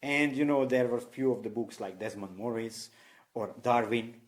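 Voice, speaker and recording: A man's voice: medium pitch, moderate pace. A man from Eastern Europe telling candid personal stories in loose, non-native English, often laughing at himself. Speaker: vlogger. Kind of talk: personal storytelling to camera.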